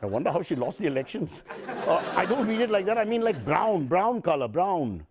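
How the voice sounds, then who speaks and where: A man's voice: sits high, sing-song, a little fast, a crowd in the background, noisy background. A man anchoring a satirical news show, with wry, jokey asides. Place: TV studio set.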